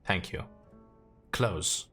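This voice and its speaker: A man's voice: extremely slow, sharp tone, faint music behind. A young man with a Finnish accent chatting casually on a game stream, self-deprecating and talkative. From Finland. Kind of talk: casual gaming stream chat.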